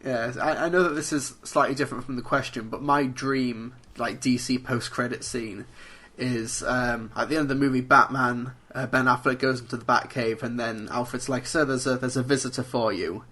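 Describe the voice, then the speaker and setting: Bright, husky-voiced joking man. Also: mid-range voice, steady tone, normal speed. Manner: jokey, playful. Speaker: podcast co-host. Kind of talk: casual chat.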